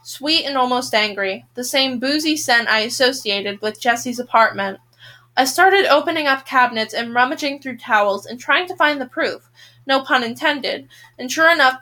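Bright, high-voiced woman reading aloud. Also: moderate pace. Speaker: podcast host reading a novel aloud.

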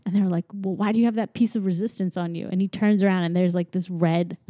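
A woman's voice: fairly low pitch, steady tone, fast talker, mellow, no echo, studio quality. A woman chatting casually on a podcast, retelling a movie and acting out lines in silly voices, often giggling. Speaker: podcast co-host. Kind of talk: casual movie recap chat.

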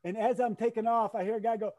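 An older man telling stories in a casual chat, animated and laughing often as he acts out his shouts. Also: high-pitched, fast talker, no room sound, rough recording. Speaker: guest, race announcer. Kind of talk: casual storytelling.

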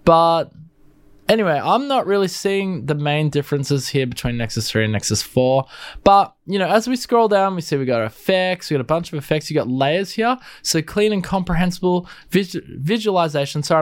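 An Australian man with a blocked nose, chatting casually and rambling through a music software review, often restarting words mid-way. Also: a little high, expressive, brisk, smooth, dry recording.

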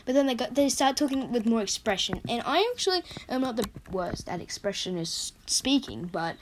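Young woman, croaky voice today, rambly casual vlog chat, keeps fixing herself. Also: fairly high pitch, animated, a little fast, slight background noise. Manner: rambling, chatty, self-correcting. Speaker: vlogger. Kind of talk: casual movie countdown chat.

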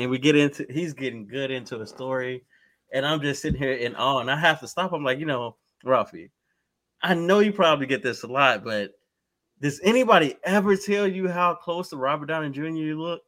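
A man co-hosting a casual podcast, telling a story in a calm, relaxed way. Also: mid-range voice. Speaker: podcast co-host.

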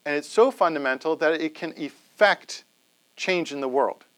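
A man's voice: on the high side, moderate pace, a bit bright. A man giving a conversational classroom lecture to a live audience, often checking in with "right?".

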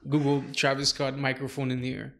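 A man's voice: mid-range voice, monotone, brisk, a crowd in the background. A young man with a Quebec accent, co-hosting a casual podcast chat, joking in a laid-back way and mixing English and French. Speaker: podcast co-host.

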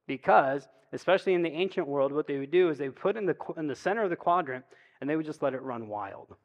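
A man preaching a sermon as pastor, in a relaxed, conversational storytelling way, often checking in with "right?". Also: fairly high pitch, quick pace, lo-fi sound. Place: church sanctuary. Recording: long reverb of a church hall.

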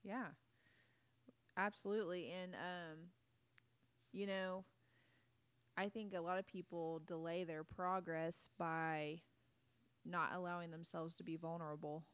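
A bubbly middle-aged woman chats easily about faith and friendship, often acting out little quotes. Her voice is a touch low, smooth and resonant. The sound is dry and close. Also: flat delivery, unhurried, long pauses, fairly bright tone, no echo. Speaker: podcast co-host. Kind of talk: casual faith-based chat.

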